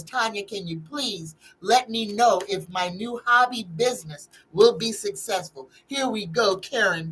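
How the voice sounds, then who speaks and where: Slow-talking woman reading tarot. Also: mid-range voice, fairly bright tone, poor audio. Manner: chatty, reads viewer questions aloud, greets chatters by name. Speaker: psychic tarot reader and host. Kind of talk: live-stream tarot reading, casual chat.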